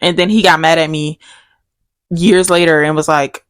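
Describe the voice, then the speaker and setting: At a moderate pace and with no room sound, this young woman co-hosts a podcast and casually narrates a story. She acts out each quoted line animatedly, with large pitch jumps.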